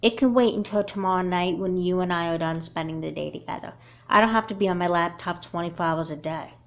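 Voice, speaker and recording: In a home-made doll movie, a woman voices a young girl hooked on her laptop, speaking in a low-set, natural voice. When she panics, her voice jumps up high and loud. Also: fast, natural voice. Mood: apologetic.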